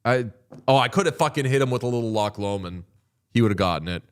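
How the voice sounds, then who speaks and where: A man co-hosts a casual sports podcast, telling rambling stories laced with heavy swearing. His mid-range voice is expressive and quick, with a clear, resonant tone.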